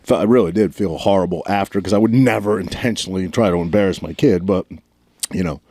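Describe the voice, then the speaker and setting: A New man in his forties, telling a long story on a podcast. His voice is low and mellow, and he acts out the lines he quotes. The sound is dry and close. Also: fast, no room sound. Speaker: podcast co-host. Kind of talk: casual storytelling chat.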